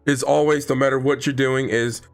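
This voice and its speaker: A man's voice: medium pitch, fairly even intonation, fairly quick, gravelly. A man joking around playfully in casual podcast chat. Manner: joking, playful bro talk.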